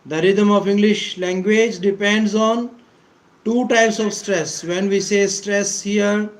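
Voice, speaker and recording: A man giving a deliberate English pronunciation lesson, repeating key words for emphasis and clearing his throat often. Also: high-pitched, fairly even intonation, rough recording. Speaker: English teacher. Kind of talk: slow explanatory lecture.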